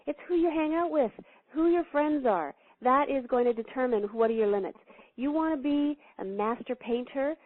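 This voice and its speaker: A woman spiritual teacher telling stories as an interview guest, animated and laughing, acting out the quotes she tells. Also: on the high side, no echo. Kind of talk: storytelling spiritual talk. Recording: thin phone-line sound, dry.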